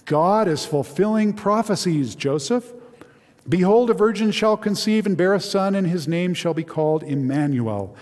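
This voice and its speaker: A man's voice: high voice, a little mellow, pitched above the performer's own voice. A man giving voice to an angel who brings a solemn message in a dream, during a sermon reading. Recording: reverberant hall.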